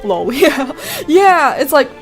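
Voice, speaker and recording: Woman streamer rambling to chat, kinda high voice, swears a lot. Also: very animated, slow, soft background music. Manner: chatty, swears freely, frequent laughter. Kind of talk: casual livestream chat.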